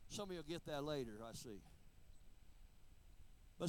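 A man's voice: fairly high pitch, expressive, normal speed, long pauses, rough recording. A man preaching a sermon, telling a humorous story before moving into emphatic preaching with call-outs to the congregation. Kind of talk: sermon with a joke illustration.

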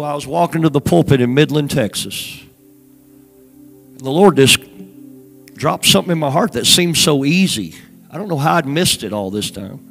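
An older man preaching a sermon, moving between hushed storytelling and loud exhortation. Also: fairly high pitch, lively intonation, normal speed, creaky. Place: large church sanctuary. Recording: long hall reverb with soft music behind.

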